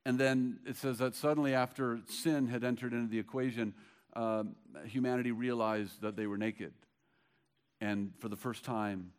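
A man preaching a sermon, shifting between hushed, slow words and loud bursts, and acting out the dialogue of Bible stories. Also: mid-range voice. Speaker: pastor.

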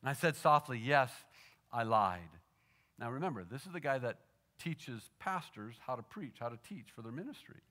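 Speaking briskly in a mid-range voice, a male pastor preaches a sermon built around a story. He moves from lively to quiet and hushed, frequently repeating words to drive his point home.

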